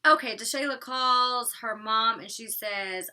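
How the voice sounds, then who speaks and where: A woman's voice: fairly high pitch, unhurried, hardly any pauses, sharp tone. A woman giving a blunt, opinionated recap of a reality TV episode, swearing freely and talking casually. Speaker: reality TV reviewer.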